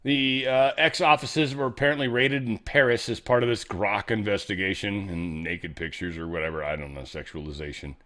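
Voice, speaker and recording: A man's voice: on the low side, steady tone, normal speed, hardly any pauses, a bit bright. A man hosting a casual news commentary show, rambling through stories with profane, jokey asides. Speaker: show host.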